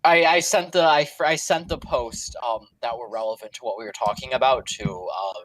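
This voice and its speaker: A woman's voice: a bass voice, moderate pace, low-quality recording. A woman in casual podcast chat, hesitant and questioning, stumbling over her words. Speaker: podcast participant.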